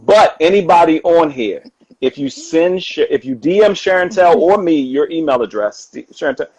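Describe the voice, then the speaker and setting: Animated man on a live stream. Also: a little high, moderate pace, breathy edge, muffled recording. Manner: animated, laughing, repeats himself. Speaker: guest author. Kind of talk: casual live-stream chat. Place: home. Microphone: phone or video call.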